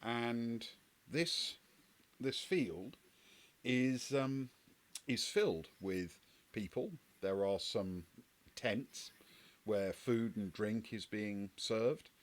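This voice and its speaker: A man narrates a tabletop role-play scene as game master. His voice sits fairly low, and he wanders through the description with frequent ums and restarts. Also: lively intonation, very slow, long pauses. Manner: meandering, hesitant with many fillers.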